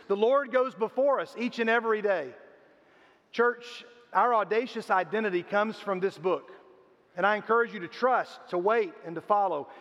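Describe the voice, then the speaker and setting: Older pastor preaching in a reverberant hall. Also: male voice, sits high, fairly bright tone. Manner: storytelling, acts out quoted voices. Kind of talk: sermon. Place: church sanctuary. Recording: reverberant hall, dull lo-fi sound.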